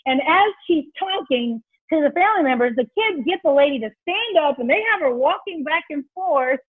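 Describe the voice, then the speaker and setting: Brief: high-pitched woman, animated storyteller, dry phone-like sound. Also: moderate pace, dry recording. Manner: animated storyteller, acts out quotes. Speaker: guest, children's ministry leader. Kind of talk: storytelling in a faith interview. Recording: tinny phone-like line.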